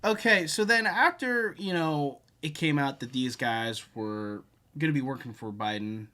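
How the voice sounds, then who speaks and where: Man, co-host, casual reaction commentary, dry sarcastic asides, mid-pitched. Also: fairly bright tone.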